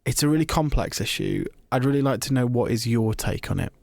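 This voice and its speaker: A man co-hosting a football podcast, asking a guest questions in a measured, thoughtful way. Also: medium pitch, creaky, a little mellow, dry recording. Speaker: podcast co-host. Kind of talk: interview questions.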